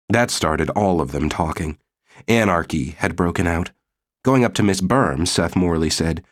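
A man narrating an audiobook in a measured, even reading. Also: low-pitched. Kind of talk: scripted narration.

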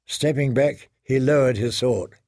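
A man narrating a fantasy audiobook in a steady, measured way. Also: mid-range voice, dry recording, studio quality.

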